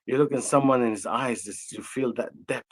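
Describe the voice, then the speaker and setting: A man with an Arabic accent, an energy healer telling a personal story in conversation, slow and halting with frequent restarts. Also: mid-range voice, poor audio.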